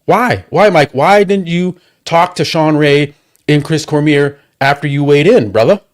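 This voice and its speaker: Heated guy cussing nonstop on a stream, kinda high voice, firing off question after question. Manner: profane, heated, rapid repetitions and rhetorical questions. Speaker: livestream host. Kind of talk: angry watchalong rant.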